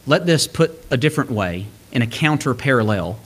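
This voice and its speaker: A man preaching a sermon, reading scripture verses aloud and explaining them, his delivery rising and then dropping low for emphasis. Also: lively intonation, normal speed, husky. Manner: expository preaching, reads scripture aloud, swings between lifted and hushed delivery.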